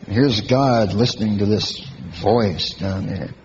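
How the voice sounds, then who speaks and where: A man preaching a sermon in an animated way, breaking into mocking high-pitched impressions. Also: slow. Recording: slightly dull lo-fi recording with faint hiss.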